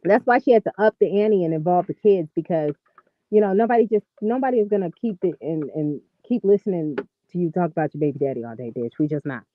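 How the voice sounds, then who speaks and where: A woman giving casual gossip commentary on a vlog, talking in an animated, profane, exasperated ramble. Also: on the low side, quick pace, narrow, tinny audio. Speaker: vlogger.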